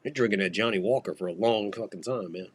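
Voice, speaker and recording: A man's voice: fairly low pitch, fast talker, slight background noise. A man hosting a podcast and calling a baseball game live, in a profane, rambling, jokey way. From United States. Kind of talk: casual live game commentary.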